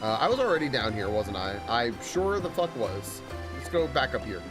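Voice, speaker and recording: A man's voice: mid-range voice, very animated, moderate pace. A man streaming a video game live, talking casually and swearing a lot. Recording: game music behind.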